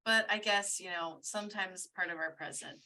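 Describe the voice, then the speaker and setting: A woman's voice: on the low side, moderate pace, sharp tone. A woman in casual podcast chat, adding wry comments. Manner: wry interjections.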